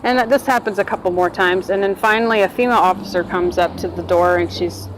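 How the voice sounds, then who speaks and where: A woman's voice: fairly low pitch, quick pace, noisy background. A woman, telling her own story in a casual, rambling vlog monologue and acting out the voices of people she quotes.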